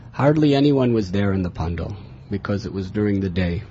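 A man from America, telling a personal spiritual story in an earnest, lively way, recorded in a dull, lo-fi recording. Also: fairly low pitch, brisk. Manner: earnest, animated in tellings, chuckling. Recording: dull lo-fi recording with faint hiss.

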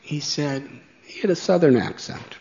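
A man telling a story slowly, chuckling at his own tale. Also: a little high, a little mellow, muffled recording, a little hiss or hum. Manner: slow, chuckling anecdote telling. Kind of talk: storytelling talk.

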